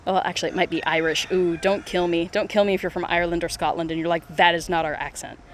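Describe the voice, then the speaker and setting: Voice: medium pitch, flat delivery, fast, slight background noise. A streamer chatting casually while playing a mobile game live, walking outdoors through city streets with a phone. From United States. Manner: chatty, giggles often, many fillers.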